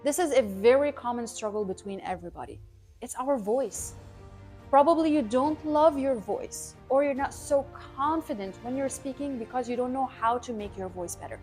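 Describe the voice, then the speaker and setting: A woman who coaches public speaking, talking to camera in an energetic, emphatic way and repeating her key points. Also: on the high side, normal speed, soft background music. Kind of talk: scripted educational talk to camera.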